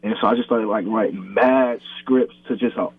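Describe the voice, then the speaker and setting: Here the young YouTuber talks at a moderate pace with a fairly low pitch, sprinkling "like" and "bro" through his relaxed interview banter. There's no echo, and the recording has a dry, husky, phone-line thinness.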